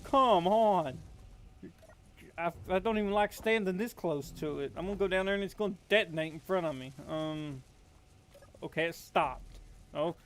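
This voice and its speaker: A young man hosting his gaming channel, rambling to himself as he plays and quickly getting alarmed. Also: on the high side, a little hiss or hum. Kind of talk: game commentary.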